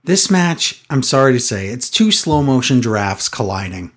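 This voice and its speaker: A man's voice: mid-range voice, sing-song, normal speed, fairly bright tone. A man co-hosting a casual chat, recapping a show in a sarcastic, exasperated way. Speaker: podcast co-host recapping wrestling.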